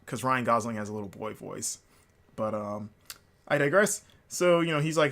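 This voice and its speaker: A man hosting a solo podcast, talking casually at a middle pitch. He rambles and restarts often, with plenty of fillers, and he sounds openly enthusiastic. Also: expressive, moderate pace, gravelly, a bit bright. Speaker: podcast host.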